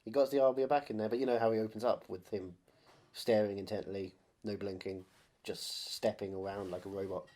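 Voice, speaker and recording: A man's voice: on the low side, fairly even intonation, warm tone. Joking, profane male podcast host. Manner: joking, profane, quick asides. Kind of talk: casual comedic chat.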